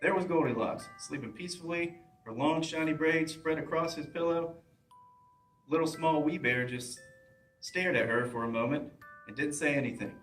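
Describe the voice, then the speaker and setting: A man reads a children's bedtime story aloud in a plain, steady voice at an ordinary middle pitch. He sits away from the mic, and the room adds a clear echo. Faint music plays underneath. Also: normal speed. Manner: plain, steady reading with small slips. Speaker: police officer reading to children. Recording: roomy echo, mic at a distance.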